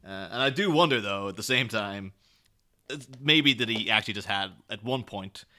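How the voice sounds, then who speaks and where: A man's voice: fairly low pitch, normal speed. Chatty rambling male podcast host. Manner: rambling, animated storytelling with many fillers. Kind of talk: casual chat.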